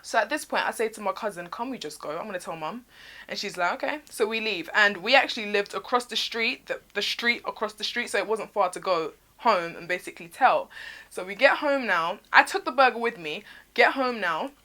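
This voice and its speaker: A young woman with a British accent telling a story on a vlog in a chatty, animated way, acting out the people in it. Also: medium pitch, brisk. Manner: animated, chatty, acts out quotes. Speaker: vlogger.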